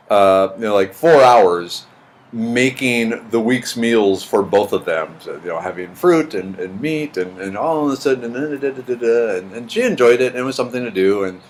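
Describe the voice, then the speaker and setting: A man's voice: mid-range voice, a little hiss or hum. A middle-aged man hosting a livestream, chatting casually and answering viewers' comments in a rambling, repetitive way. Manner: chatty, rambling, repeats words. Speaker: livestream host reading chat. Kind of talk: casual chat.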